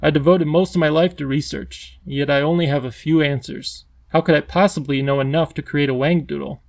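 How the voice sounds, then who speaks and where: A courteous, anxious professor explaining himself with care, voiced by a male narrator. The voice has a gravelly grain and a dry, close sound. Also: fairly high pitch, steady tone, brisk, darkish tone, no echo. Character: earnest, polite male professor, a scientist.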